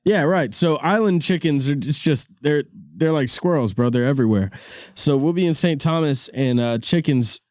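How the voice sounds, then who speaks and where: Animated laughing man telling stories. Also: normal speed, no room sound. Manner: animated, laughing, acts out quotes with sudden pitch jumps. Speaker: podcast host. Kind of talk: casual storytelling chat.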